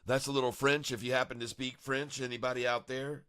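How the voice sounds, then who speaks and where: A man's voice: mid-range voice, flat delivery, brisk, clear, resonant tone, no room sound. A man hosting a live day-trading stream, chatting in a rambling, showy way and hyping his viewers. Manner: chatty and showy, chuckles often, hypes viewers as "ladies and gentlemen". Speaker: livestream day-trading host.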